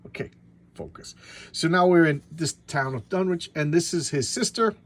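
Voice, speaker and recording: A man's voice: fairly high pitch, normal speed. A man giving casual show-and-tell commentary on a comic book. He rambles, stumbles over his words and restarts, and chuckles to himself along the way.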